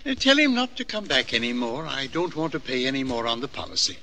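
An actor playing a timid, lonely elderly lodger who speaks politely and haltingly with many hesitations. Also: male voice, medium pitch, very animated, sharp tone. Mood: fretful. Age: older.

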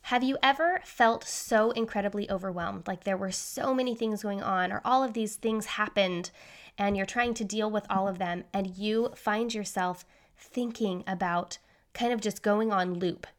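A woman in her thirties hosting a solo podcast, talking quickly by her own account. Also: mid-range voice. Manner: fast-talking, says so herself. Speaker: podcast host.

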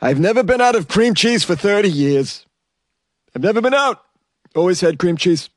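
A man putting on the voice of an exasperated older bagel shop owner, ranting loudly. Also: high voice, expressive, moderate pace, no echo, clean studio sound, pitched above the performer's own voice.

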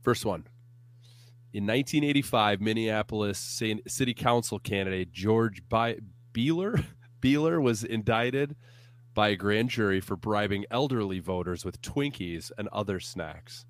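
Low-voiced man hosting a casual podcast. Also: a little slow, no echo. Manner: jokey, rambling, with fillers. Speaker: podcast co-host. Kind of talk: casual sports podcast chat. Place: home room.

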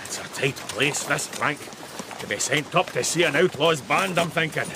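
Indignant Scottish magistrate; raised, gravelly voice, old hissy radio-drama sound. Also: male voice, a little high, lively intonation, normal speed. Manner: indignant, lawyerly, blustering. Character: fussy Glasgow merchant and magistrate, indignant.

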